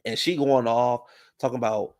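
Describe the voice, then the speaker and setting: A man casually recapping reality TV drama in an animated, profane storytelling manner, jumping up high when he quotes the women. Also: normal speed. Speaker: reality TV commentator.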